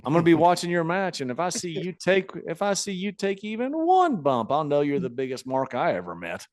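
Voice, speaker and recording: A man's voice: fairly high pitch, very animated, fairly quick, no echo, voice pushed up. Brash old ring veteran giving blunt advice, a man putting on the voice. Dry, close sound. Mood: boastful advice.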